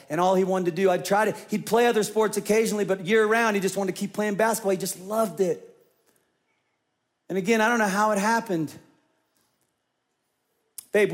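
A male pastor in his forties preaching a sermon, telling a personal story in a lively way that swings from loud to hushed. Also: high voice.

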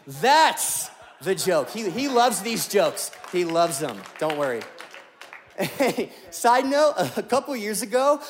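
Animated young male preacher telling jokes. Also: high-pitched. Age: 20s. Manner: animated, joking, acts out quotes. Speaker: pastor. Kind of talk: sermon with humorous storytelling.

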